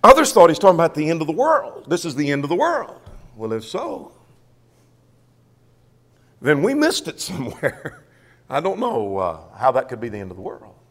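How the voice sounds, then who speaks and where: A man's voice: on the high side, huge pitch swings, moderate pace, long pauses, a bit bright, long reverb tail. A man preaching a sermon in a church, asking himself questions and answering them.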